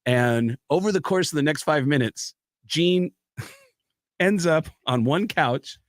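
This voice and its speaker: Animated storytelling comedian man. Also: a little high, slow pace, dry recording, studio quality. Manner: animated, acts out the people in his stories. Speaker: comedian and impressionist. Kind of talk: podcast storytelling.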